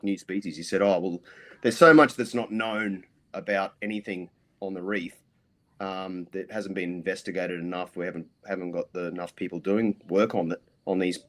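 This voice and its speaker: A middle-aged Australian man, a podcast guest, telling rambling stories full of ums and restarts. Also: low-pitched. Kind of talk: casual interview storytelling.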